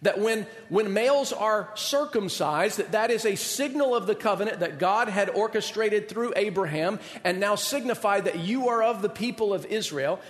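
A man preaching a sermon, his voice pitched high for a man. He tells a story in an animated way, acting out the people in it. The hall around him carries a long reverb. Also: normal speed, hardly any pauses. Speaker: pastor.

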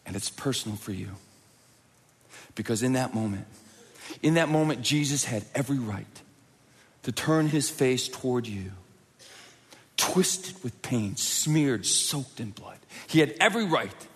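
A man preaching a sermon, swinging between forceful, loud peaks and hushed, quiet passages. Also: mid-range voice, animated, unhurried, long pauses, slightly rough. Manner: dynamic, swings from loud intense peaks to hushed near-whispers. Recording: long hall reverb.

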